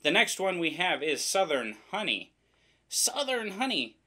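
A man's voice: on the high side, expressive, normal speed, pushed and bright. A man from the American Midwest giving a casual, rambling unboxing commentary, joking and poking fun at himself as he goes. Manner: rambling, joking, self-deprecating. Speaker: vlogger reviewing products.

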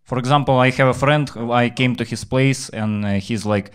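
Deadpan Ukrainian stand-up comic. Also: male voice, mid-range voice, moderate pace, smooth. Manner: deadpan, blunt, swears freely. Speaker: stand-up comedian. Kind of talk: stand-up comedy set.

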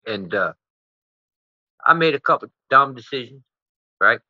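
Man, interview guest, profane rambling storyteller, tense bright voice, dry slightly muffled audio. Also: medium pitch, lively intonation, unhurried, dry recording. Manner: profane, rambling, tags lines with "right?".

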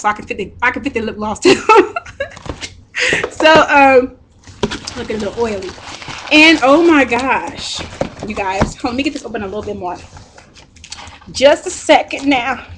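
A young woman with a high voice chats excitedly through an unboxing vlog. She gushes, squeals over each item and laughs easily. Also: moderate pace, pauses often, a little hiss or hum. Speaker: vlogger.

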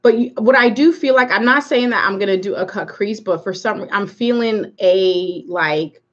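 Woman chatting thru a makeup livestream, mid pitch, kinda muffled audio, says hi to viewers. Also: normal speed. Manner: rambling, chatty, greets viewers by name. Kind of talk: casual live makeup tutorial chat.

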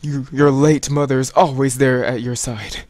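A man's voice: mid-range voice, fairly even intonation, normal speed, darkish tone, no echo, close to an everyday voice. A man voicing a stern, possessive scientist father in a horror game, firm and coldly soothing.

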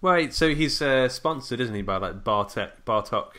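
A man's voice: mid-range voice, lively intonation, normal speed, a crowd in the background. A man, co-hosting a film podcast, recapping the plot playfully and laughing easily. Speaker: podcast co-host. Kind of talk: casual film chat.

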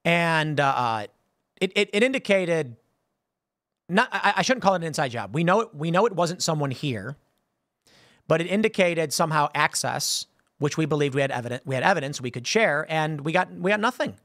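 A male commentary host with a slightly high voice rambles through his point, stumbling over words and starting sentences again. His voice sounds dry and close, with no room sound, as if into a studio mic. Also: lively intonation, fairly quick, a bit bright, no room sound. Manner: stammering restarts, repeating words. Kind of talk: casual commentary monologue.

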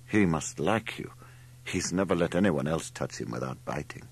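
A man voicing a calm, charming island fisherman who talks in a casual, easygoing way. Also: very deep voice, moderate pace, husky, pitched below the performer's own voice, heavily acted.

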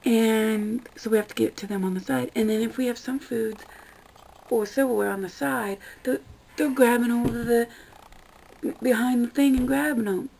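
A young woman with a gravelly, slightly high voice rants casually to camera, exasperated and swearing freely. Her tone is mellow and dark rather than bright. A faint hiss of noise sits under the recording. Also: steady tone, moderate pace, low-quality recording. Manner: exasperated, profane ranting. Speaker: vlogger. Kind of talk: casual ranting vlog.

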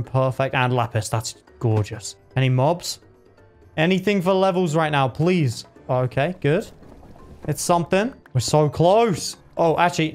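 A young man giving excited live commentary on a game he is playing. He talks to himself, yelps at close calls and laughs at his own plays. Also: medium pitch. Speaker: gaming video creator.

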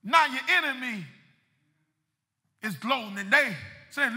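A male pastor preaching a sermon in a church sanctuary, his impassioned delivery swelling into shouts and driving through rhythmic repetition. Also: very high-pitched, animated, unhurried, in a large hall.

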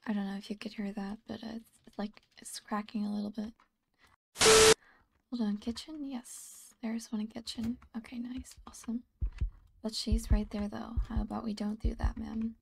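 A woman's voice: a little high, little pitch movement, moderate pace, gravelly, noisy background. A tired woman giving casual gameplay commentary, often half-whispering and mumbling to herself. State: sleepy and tired. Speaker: gaming channel host.

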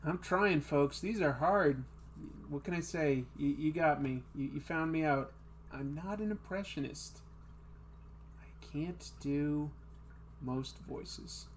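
A man's voice: fairly high pitch, slow, a little hiss or hum. Self-mocking man chatting while drawing. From Boston area. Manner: self-mocking, laughs at his own jokes. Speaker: host. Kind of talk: casual chat while drawing.

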